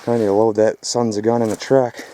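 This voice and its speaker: Rough-talking man vlogging outdoors. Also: on the low side, little pitch movement, brisk, mellow, a little hiss or hum. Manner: rough, profane, talks straight to viewers. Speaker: scrap metal vlogger. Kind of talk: casual vlog narration. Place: outdoors at a rural property.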